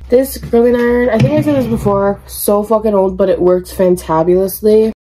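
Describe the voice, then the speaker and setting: A woman's voice: medium pitch, moderate pace, background noise. A young woman vlogging her morning routine in a casual, rambling way, swearing now and then, recorded by a camera on a tripod in her bedroom. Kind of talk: casual get-ready-with-me chat. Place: home bedroom, indoors.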